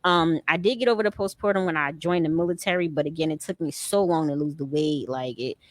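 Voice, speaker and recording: A woman in her thirties, a former soldier and mother, telling her story in a casual interview, animated and laughing often, acting out what people said. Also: low-pitched, quick pace, no echo. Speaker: guest, army veteran and mother.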